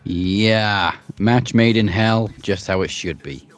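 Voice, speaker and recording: A man's voice: on the low side, slow, faint music behind. A man co-hosting a fantasy wrestling podcast, laid-back with playful hype as he introduces segments. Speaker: podcast co-host. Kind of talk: podcast banter and show hosting.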